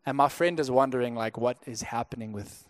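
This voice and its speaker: Speaking at medium pitch and a little fast, a young man from Zimbabwe preaches conversationally. He's a pastor recounting something from his own life, with many stammered restarts.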